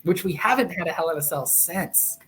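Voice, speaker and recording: A woman's voice: lowish voice, animated, fairly quick, a bit bright, a little hiss or hum, low-quality recording. A woman co-hosting a podcast, chatting casually and enthusiastically, chiming in with short agreements. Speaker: podcast co-host. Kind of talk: casual wrestling chat.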